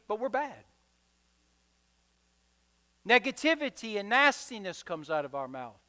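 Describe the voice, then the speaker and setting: A man's voice: very high-pitched, bright, forceful tone, smooth. A man preaching a sermon, driving his points home with rhythmic, emphatic repetition. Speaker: pastor. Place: church sanctuary. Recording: reverberant church hall.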